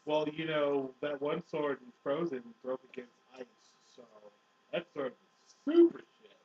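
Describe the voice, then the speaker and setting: A man's voice: on the high side, steady tone, unhurried, a little mellow. A young man giving sarcastic, incredulous commentary, swearing often. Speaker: co-host. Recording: dull, echoey room from a distant mic.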